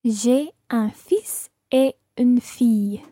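A woman's voice: on the high side, dark tone, no room sound, studio quality. A woman taking part as a learner in a podcast language lesson, carefully repeating phrases. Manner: careful, unhurried repetition of phrases.

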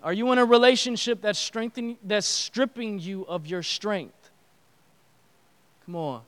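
A man preaching a casual, slangy sermon in a church, animated and acting out quotes. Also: sits high, measured pace.

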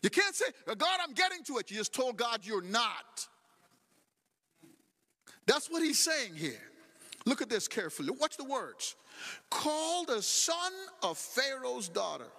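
Man, middle-aged, pastor, sermon, repeats his points, very lively pitch, long reverb of a church hall. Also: measured pace, long pauses, husky. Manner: animated preaching, repeating phrases, acting out dialogue. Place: church sanctuary.

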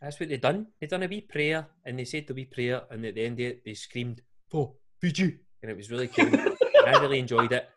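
A Scottish man hosts a casual podcast chat, winding through long anecdotes at an ordinary pitch. He laughs often as he tells his stories. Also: fast talker, few pauses, a bit bright, a little hiss or hum. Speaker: podcast host.

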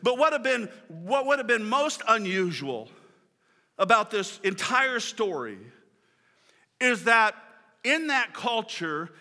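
A man preaches at a church service in a high, bright voice. His delivery is energetic and folksy, full of restarts and repeated words. A long reverb trails each phrase through the hall. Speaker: pastor. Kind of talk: sermon.

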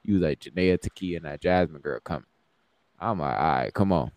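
A young man with a very low voice, recorded dry and close with no room sound. He co-hosts a podcast in loose, profane chat and acts out the lines of the people in his stories. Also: fairly quick, dry recording. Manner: profane, animated, acts out quoted dialogue. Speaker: podcast co-host. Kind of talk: casual storytelling chat.

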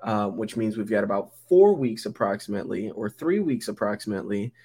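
A man's voice: fairly low pitch, animated, a little fast, dark tone, husky. A young man co-hosting a football podcast, chatting casually and rambling with many fillers and restarts. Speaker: podcast co-host. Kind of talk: casual sports chat.

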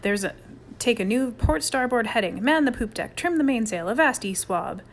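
Woman voicing a boy, bossy, crisp, commanding, theatrical, storybook reading. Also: a little high, animated, normal speed, slight background noise. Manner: crisp, commanding, playful mock-sailor.

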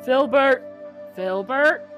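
A man's voice: high voice, very animated, slow, over music, voice pushed up, heavily acted. A woman voicing a jolly, portly male dwarf who greets guests heartily and a bit fussily. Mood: hearty welcome. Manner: hearty, welcoming, a bit fussy. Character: jolly portly middle-aged dwarf host.

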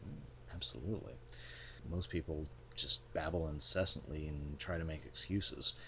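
A man voicing a spare, middle-aged gunsmith, polite and measured. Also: rumbling low, gravelly, bright, forceful tone, slight background noise, heavily acted.

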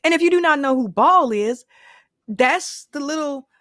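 A woman's voice: high voice, expressive, moderate pace, fairly bright tone, no echo, studio quality. A woman giving casual opinion commentary, rambling and profane, with lots of asides and fillers.

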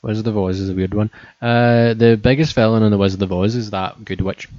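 A man rambles through a casual chat, joking and swearing freely. His voice sits low and sounds close and dry. The recording is muffled and lo-fi. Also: fairly even intonation, a little fast, a little mellow, dry recording.

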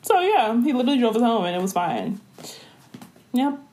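A woman's voice: a little high, big pitch swings, moderate pace, mellow. A young woman in casual chat, telling stories in a slangy, laughing way.

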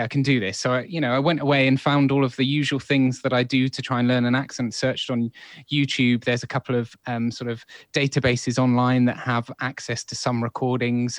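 A man who is an actor and co-founder, telling a relaxed, chatty story as a guest in a conversation. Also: mid-range voice, no room sound. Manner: relaxed and chatty, with many fillers. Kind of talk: casual storytelling in a podcast conversation.

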